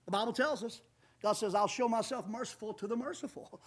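A man preaching a sermon, emphatic, swelling loud on key phrases and calling his listeners folks. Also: very high-pitched, fairly quick. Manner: calls audience folks, says amen often.

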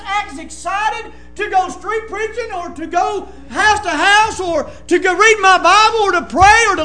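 A man preaching a sermon, impassioned and often breaking into shouts. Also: very high voice, roomy sound.

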